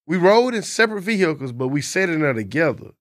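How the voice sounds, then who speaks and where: A man's voice: on the high side, very animated, fast, a bit bright, no room sound, studio quality. A man, co-hosting a casual chat and telling a long personal story in a laid-back, profane way. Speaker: podcast co-host.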